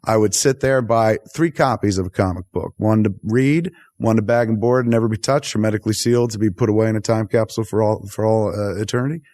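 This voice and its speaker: A man hosting a podcast interview, talking in an excitable, effusive and profane way. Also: on the low side, fast talker, few pauses. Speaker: podcast host.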